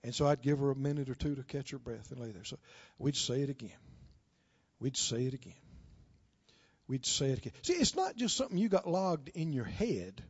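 A man preaching a sermon, telling a story and driving his points home with drawn-out, impassioned emphasis. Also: mid-range voice, animated, slightly rough. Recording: dull, dry lo-fi recording.

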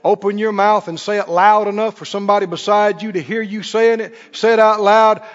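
High-pitched male preacher, emphatic call-and-response sermon; muffled audio in a reverberant sanctuary. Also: fairly even intonation, brisk. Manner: emphatic, rising to shouts, teasing the congregation. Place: church sanctuary. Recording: dull lo-fi recording in echoey hall.

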